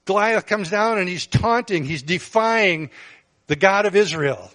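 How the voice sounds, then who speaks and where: A man's voice: lively intonation, unhurried, fairly bright tone. A man preaching a sermon as pastor, earnest, with bursts of emphasis. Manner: earnest, rises in pitch and volume for emphasis.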